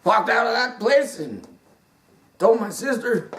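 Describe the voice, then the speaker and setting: A devout man gives a personal testimony in an unhurried, faltering way, tripping over and repeating his words. His pitch rises and falls in a lively way. He sits well back from the mic in a roomy, echoing space. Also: slight background noise. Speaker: speaker telling his story. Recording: roomy sound from a distant mic.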